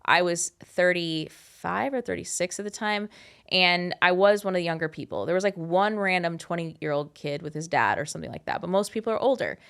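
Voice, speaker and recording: A woman in her thirties telling a personal story in a casual, animated, candid way, with frequent swearing. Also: on the low side, brisk, smooth. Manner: animated, candid and profane, with many "like" fillers. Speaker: host.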